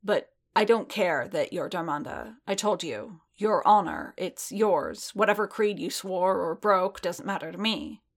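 Guarded warrior man, clipped and direct, lowish voice, read by a woman. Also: measured pace, few pauses. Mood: earnest. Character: blunt, guarded adult male warrior.

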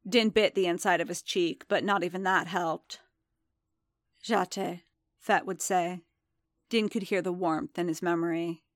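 A woman narrating fan fiction aloud in a measured, steady storytelling manner. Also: on the low side, dry recording, clean studio sound.

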